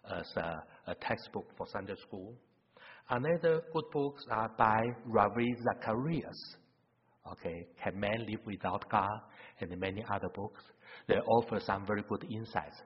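Husky man preaching in a reverberant hall. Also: on the low side. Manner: earnest, unhurried, illustrative storytelling. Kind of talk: sermon. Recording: dull sound with long hall reverb.

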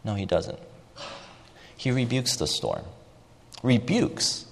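A man's voice: lowish voice, animated, a little slow, a little mellow, slight background noise. A man preaching a sermon with emphasis, repeating key phrases and asking rhetorical questions. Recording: long reverb of a large hall.

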